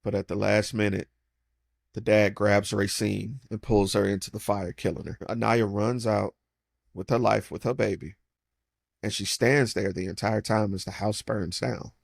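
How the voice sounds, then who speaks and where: A man's voice: lowish voice, steady tone, normal speed, gravelly, no room sound, studio quality. A man casually retelling a film's plot and acting out the characters' lines. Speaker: movie recap host. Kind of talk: casual film breakdown.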